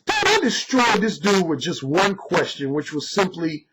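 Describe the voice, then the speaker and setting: High-voiced boastful man ranting. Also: very animated, moderate pace, very noisy. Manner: boastful, emphatic, blunt with profanity. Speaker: author and dating coach. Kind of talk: opinionated monologue.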